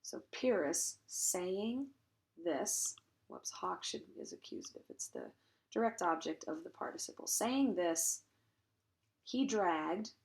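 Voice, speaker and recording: A woman's voice: lowish voice, gravelly, darkish tone. A woman teaching a translation lesson, explaining grammar step by step with frequent ums, self-corrections and dry, wry asides. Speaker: Latin teacher.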